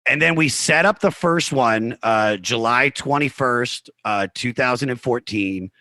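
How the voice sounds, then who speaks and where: Bright-voiced comedian telling stories. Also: male voice, mid-range voice, dry recording. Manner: animated, fast anecdotes full of "like" and "you know"; acts out other people's remarks in his retelling. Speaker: comedian guest on a podcast. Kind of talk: casual storytelling in conversation.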